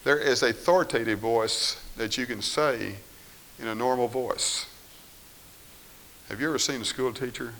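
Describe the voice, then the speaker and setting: A man delivers a sermon with a bright, forceful tone at a middle pitch. He reads scripture aloud and swings between quiet, firm statements and raised, pleading voices. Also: a little slow, slight background noise, rough recording. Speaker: preacher.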